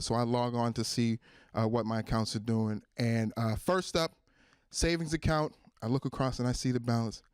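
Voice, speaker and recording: A man doing a stand-up comedy set on stage, animated and acting out characters in a high squeal. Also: smooth, no echo. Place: stage in front of a live audience.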